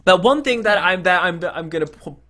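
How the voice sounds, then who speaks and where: Speaking a little fast in a high voice, this podcast co-host gives a casual review of a TV episode. He brings the story to life by performing its scenes and quoting lines in character.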